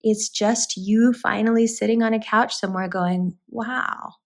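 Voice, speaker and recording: A woman's voice: mid-range voice, steady tone, normal speed. A woman giving a spoken tarot reading, talking straight to her viewers in an earnest, reassuring way. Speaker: tarot reader.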